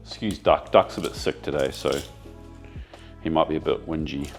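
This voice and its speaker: A man's voice: rumbling low, normal speed, creaky, faint music behind. A man casually explaining a home-cooked dish to the camera while he chats with his partner in their kitchen. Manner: relaxed, explains as he cooks. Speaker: home cook and co-host. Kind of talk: casual cooking chat.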